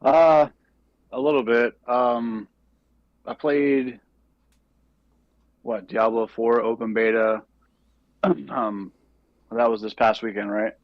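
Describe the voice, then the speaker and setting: A man on a gaming podcast panel, talking casually with many pauses and fillers. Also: mid-range voice, steady tone, no room sound. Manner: hesitant, many fillers and throat clearing. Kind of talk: casual chat. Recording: dull lo-fi mic.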